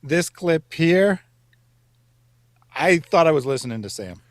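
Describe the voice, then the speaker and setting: Measured, explanatory male co-host. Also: fairly high pitch, lively intonation, no room sound, studio quality. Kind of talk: casual livestream chat.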